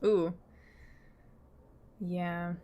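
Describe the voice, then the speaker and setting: A young adult woman streamer chatting casually with her viewers, reading their comments, laughing often and trailing off softly at the ends of her thoughts. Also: lowish voice, flat delivery, extremely slow, muffled recording, a little hiss or hum. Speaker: livestreamer.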